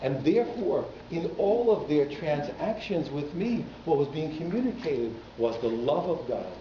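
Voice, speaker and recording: A man's voice: on the high side, big pitch swings, measured pace, warm tone, slight background noise. A man, a rabbi, giving an informal Torah class to a congregation, talking in a conversational way with teasing asides to the audience. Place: synagogue hall. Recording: echoey hall, slightly muffled.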